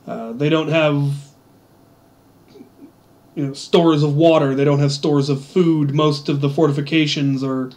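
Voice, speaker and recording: A man chatting casually while gaming, telling rambling stories with a wry, offhand manner. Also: fairly high pitch. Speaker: streamer.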